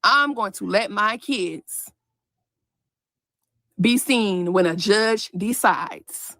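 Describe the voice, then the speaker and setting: A woman's voice: mid-range voice, extremely slow, fairly bright tone. A woman in a played clip making a heated personal statement, emphatic and repeating herself for force. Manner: emphatic, repeating her points.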